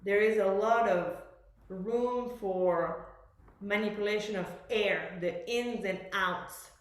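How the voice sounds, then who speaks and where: A woman's voice: medium pitch, slow pace. A woman teaching a master class, coaching a student and explaining at length, often searching for words. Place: music school room. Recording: very echoey room.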